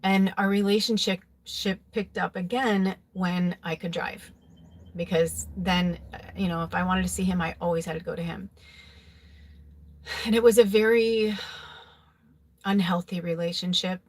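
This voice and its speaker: Low-voiced woman telling a rambling confessional story. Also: fairly even intonation, moderate pace, pauses often. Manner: rambling, filler-heavy, with frequent "like"; emotional, confessional. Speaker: psychic tarot reader. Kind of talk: casual personal storytelling.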